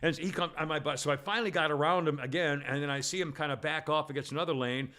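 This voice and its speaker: A man hosting a podcast, telling a long story in casual chat with many restarts and false starts, getting loud as he gets worked up. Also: a little high, steady tone, quick pace. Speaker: podcast host.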